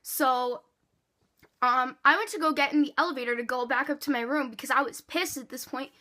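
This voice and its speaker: A woman vlogger telling a storytime in an animated way, swearing freely and acting out quotes. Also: high-pitched, fairly quick. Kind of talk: storytime vlog.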